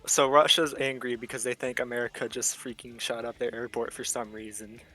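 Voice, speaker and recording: A man's voice: mid-range voice, level tone, a little fast, bright, forceful tone. A young man casually explaining a game's story, stringing events together with "and then". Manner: rambling, chains events with "and then". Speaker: explainer of game lore. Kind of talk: casual chat.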